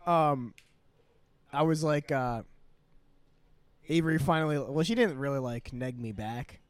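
A man's voice: mid-range voice, measured pace, clean tone, no echo. A young man co-hosting a podcast, telling a rambling story in casual chat with lots of fillers. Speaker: podcast co-host.

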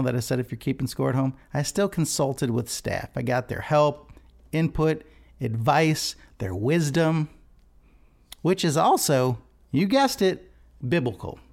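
A man talks in a relaxed devotional vlog, his voice mid-pitched with a gravelly fry. He rambles easily and stops to restart a thought or toss in an aside.

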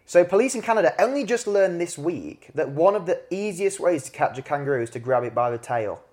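Young man, podcast co-host, slightly high voice, rambling, joking. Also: lively intonation, brisk, a little mellow. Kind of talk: casual chat.

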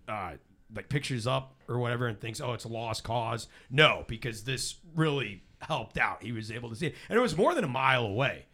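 Male co-host, bright voice, lively story-driven banter. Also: medium pitch. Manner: animated storyteller, laughs often. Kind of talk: casual chat, retelling a news story.

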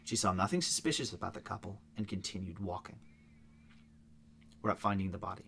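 A man co-hosting a casual true-crime podcast, reading case notes aloud with quick asides. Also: sits low, creaky, sharp tone, slight background noise. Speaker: podcast co-host.

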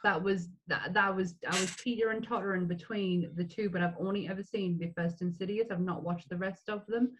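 A woman's voice: mid-range voice, fairly even intonation, fairly quick, few pauses, breathy edge. Brief: woman, podcast co-host, chatty, restarts a lot, dull lo-fi sound. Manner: chatty, many restarts and fillers. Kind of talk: casual film chat.

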